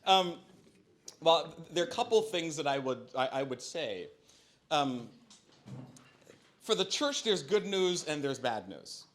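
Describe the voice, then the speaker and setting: A middle-aged man with a slightly high voice, speaking as a bishop at a parish forum. He talks in an easy, conversational way with filler ums and wry self-deprecating humor. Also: sing-song, a little slow, long pauses. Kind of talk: church forum Q&A answer. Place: church hall.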